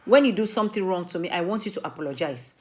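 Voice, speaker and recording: A woman's voice: lowish voice, lively intonation, fast talker, darkish tone. A woman from Africa, a mother and community speaker, giving an earnest, emphatic talk that pleads with her listeners and repeats her main points.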